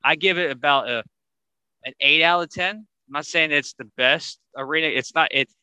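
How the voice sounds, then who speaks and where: A man hosting a casual sports podcast, talking in an animated way that gets higher when he drives a point home. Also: moderate pace, clean tone, no echo, rough recording. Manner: animated, rising pitch when making a point. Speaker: podcast host.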